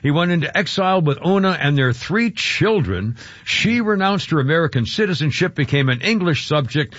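A man's voice: fairly high pitch, animated, fairly quick, a bit bright, no echo. A man hosting a radio show, chatting casually, laughing often and restarting his sentences. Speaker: radio host. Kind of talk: casual talk radio banter. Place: radio studio. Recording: dull radio studio sound.

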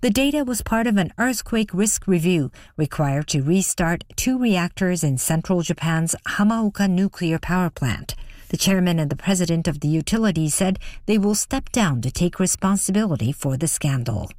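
A woman newsreader reading headlines in a steady, formal way. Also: fairly low pitch, normal speed, no echo, studio quality. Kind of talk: news reading.

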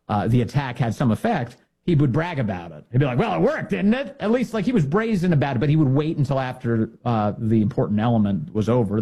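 Sarcastic male political commentator, husky voice. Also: medium pitch, dark tone. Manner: sarcastic, indignant, mocking impressions.

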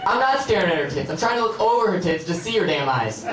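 A man's voice: sits high, expressive, quick pace, few pauses. A man performs stand-up in a club, his complaints building into punchlines. The room rings around him and an audience laughs in the background. He sounds a little away from the mic. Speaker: stand-up comedian. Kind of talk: stand-up set. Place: comedy club stage. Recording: echoey club, crowd laughing, distant mic.

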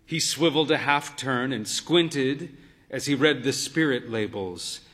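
A man narrating a literary story in a measured, wry, deadpan way. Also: mid-range voice.

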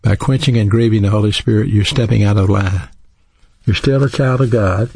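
A man preaching in an earnest, teaching manner, his low voice gravelly and husky. The tone is dark and mellow, and the sound is close and dry with no room around it. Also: fairly quick, no room sound. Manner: earnest, teaching, spells out words. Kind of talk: sermon.

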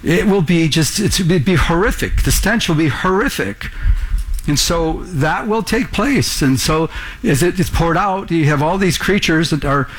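A man's voice: a little high, lively intonation, a little slow. A man preaching a sermon to a congregation in the room, earnest, pressing them with rhetorical questions. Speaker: pastor.

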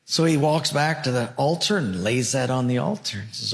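A man pastor telling a parable in a sermon, earnest, dropping soft and low at his key points. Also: lively intonation, normal speed, creaky, few pauses. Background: soft guitar music.

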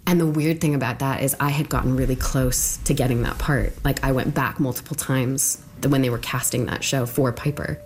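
A woman's voice: very deep voice, steady tone, a little fast, few pauses. A woman being interviewed, casually recounting what happened to her, chatty and full of "like", acting out what people said. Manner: chatty, full of "like", acts out quotes. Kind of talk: casual recounting of personal experience.

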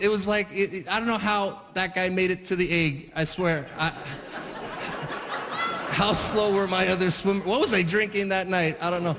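A man's voice: sits high, steady tone, normal speed, a bit bright, in a large hall, a little hiss or hum. A man in his forties doing stand-up comedy, telling rambling stories that keep stopping and restarting. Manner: rambling, self-interrupting storyteller.

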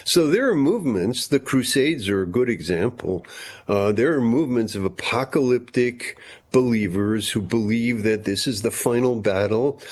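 A man's voice: medium pitch, expressive, moderate pace. A man talking as a historian guest, explaining at length and often repeating words as he thinks. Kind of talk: conversational interview explanation.

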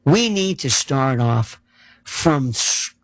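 Male political commentator, gravelly voice, sardonic, fires off lists of issues. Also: medium pitch, animated, takes it slowly, no room sound. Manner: sarcastic, rattles off lists of issues.

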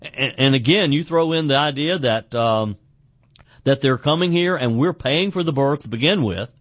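A man's voice: mid-range voice, normal speed, no echo. A man hosting a call-in radio talk show, often stumbling and repeating words as he talks.

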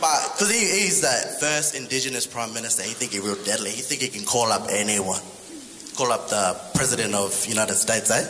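A man's voice: fairly low pitch, expressive, moderate pace, pushed and bright, slight background noise. A man from Queensland with an Australian accent, doing casual, rambling stand-up comedy. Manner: casual, rambling, with frequent fillers. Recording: echoey hall with background ambience.

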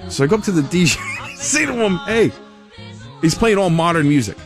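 A middle-aged man hosting a talk show, telling stories in a chatty, animated way and laughing often. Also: on the high side, fast talker, over music. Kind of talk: casual talk-radio storytelling.

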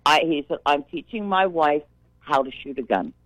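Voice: medium pitch, lively intonation, normal speed, a bit bright, no room sound. Caller on a muffled phone line. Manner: retells events, repeating "I said". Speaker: caller, store worker. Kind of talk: phone-in storytelling.

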